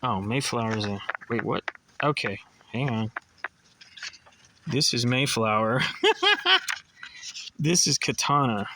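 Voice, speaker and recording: Bright-voiced man chatting over comics. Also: mid-range voice, slow, long pauses, slight background noise. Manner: chatty, rambling asides, stumbles over words. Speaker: collector reading comics. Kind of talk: casual comic read-along.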